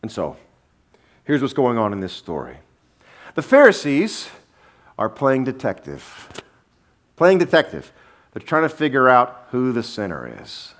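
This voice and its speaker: A man preaching a sermon as pastor, animated and humorous, acting out the people in his story. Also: mid-range voice, measured pace, long pauses. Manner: animated storytelling, acting out quotes with shifting voices; sarcastic, humorous asides.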